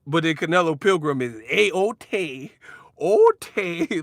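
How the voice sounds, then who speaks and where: Male vlogger, casual profane boxing rant, very animated delivery, dry close-miked sound. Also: medium pitch, normal speed, no room sound. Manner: animated, profane, laughs often, mocks others with sudden shouts. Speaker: boxing commentator. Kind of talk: casual ranting commentary.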